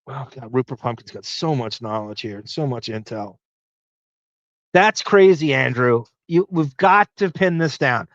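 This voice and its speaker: A man's voice: mid-range voice, lively intonation, a little slow, fairly bright tone, no echo, lo-fi sound. A man with a Long Island accent hosting a podcast, reading listener comments and thinking aloud in a rambling, profane way. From Long Island, New York. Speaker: podcast host. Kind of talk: casual live chat reading listener comments.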